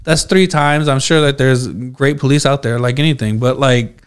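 A man's voice: mid-range voice, moderate pace, clear, resonant tone. A man casually retelling a story on a podcast, rambling with lots of fillers and quoting himself. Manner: rambling, animated retelling with many "like"s and acted-out quotes. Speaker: podcast co-host.

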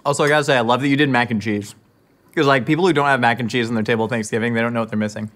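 A man's voice: mid-range voice, steady tone, racing, fairly bright tone. A man hosting, making rambling awkward small talk at a dinner table, full of fillers and restarts. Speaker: host. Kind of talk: scripted comedy monologue to camera.

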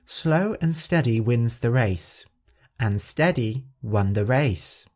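A man voicing a wise, gentle forest animal in a storybook, explaining a lesson kindly. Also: medium pitch, expressive, takes it slowly. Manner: gentle, teaching.

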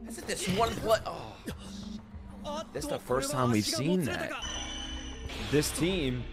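Excitable man reacting loudly, music behind. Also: on the high side, takes it slowly. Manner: excitable, swearing, shouting and laughing. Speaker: anime reaction streamer. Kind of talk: live reaction commentary. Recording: anime audio playing loudly behind.

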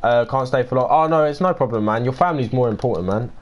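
A man's voice: mid-range voice, fast talker, dull audio. A nineteen-year-old British man live-streaming, casually chatting, answering viewers by name and swearing and grumbling as he plays. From United Kingdom. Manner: swears and grumbles while playing.

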